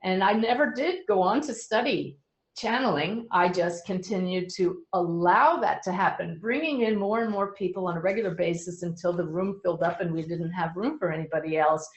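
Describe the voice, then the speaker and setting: A middle-aged woman who is a medium, speaking earnestly to a webinar audience with gentle humor. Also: on the low side, normal speed, reverberant, poor audio.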